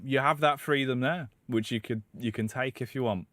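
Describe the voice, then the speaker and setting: A man's voice: mid-range voice, normal speed, no echo. A man casting an esports event, bantering and joking between matches. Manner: jokey, animated, mimics voices. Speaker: esports caster.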